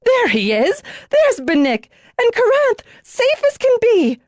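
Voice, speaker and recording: A woman voicing a shrill, furious young dragonrider woman. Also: wildly swooping pitch, slow pace, darkish tone, no room sound, studio quality, heavily acted. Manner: shrill, accusing outbursts.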